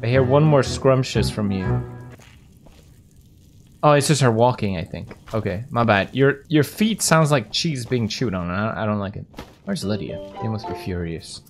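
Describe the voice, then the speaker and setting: A man in his thirties, a gaming streamer, giving goofy, jokey casual commentary while he plays and breaking into loud yelps. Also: fairly low pitch, lively intonation, moderate pace. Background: background music.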